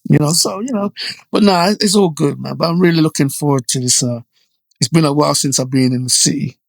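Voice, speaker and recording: A middle-aged man, raised in Jamaica, talks as a guest in a relaxed interview, recalling events in a lively, animated way. His voice sits a little higher than most men's. The recording is close and dry, with no room sound. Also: fast, creaky, no room sound. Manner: animated storyteller, frequent "you know" and "right?" tags. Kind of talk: casual storytelling interview.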